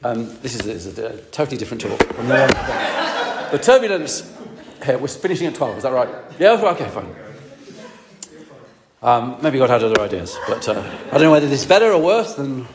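A man's voice: medium pitch, sing-song, a little fast, background noise. A male priest preaching to a congregation, telling a personal story with many restarts and asides. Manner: rambling, self-correcting storyteller with asides to the congregation.

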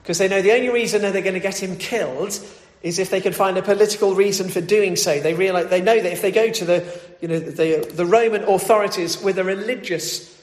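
A man with a high voice reads scripture and then preaches. He talks loosely, with plenty of fillers and restarts. The recording is echoey, with a long reverb from a church hall. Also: fairly quick. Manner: conversational with many fillers and restarts. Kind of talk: scripture reading and sermon.

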